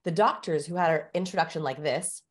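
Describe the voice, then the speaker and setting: A woman's voice: low voice, brisk. A woman who researches communication, guesting on an interview show and explaining with energy, like a teacher giving demonstrations.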